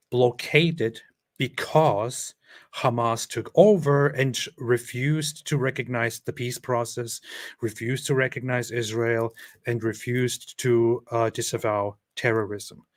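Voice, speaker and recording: A man hosting a reaction commentary, talking in a conversational way with fillers and restarts. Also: mid-range voice. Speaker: commentary channel host.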